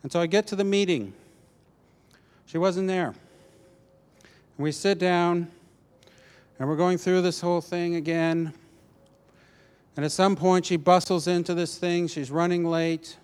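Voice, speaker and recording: A man preaching a personal testimony, telling the story animatedly with halting restarts. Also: high-pitched, steady tone, clear, resonant tone.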